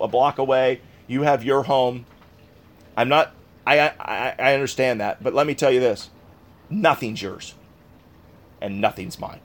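A man pastor delivering a sermon in an earnest, conversational way, repeating key phrases for emphasis. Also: medium pitch.

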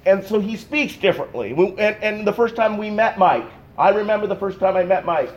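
A male pastor preaching a sermon to a church congregation, swinging between loud, emphatic bursts and quiet, intense passages. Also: high-pitched, animated, a little fast, dull audio. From Pacific Northwest. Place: church sanctuary.

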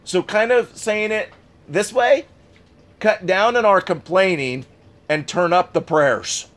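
A man's voice: sits high, slow pace, fairly bright tone. A man pastor delivering a sermon in an earnest, conversational way, repeating key phrases for emphasis.

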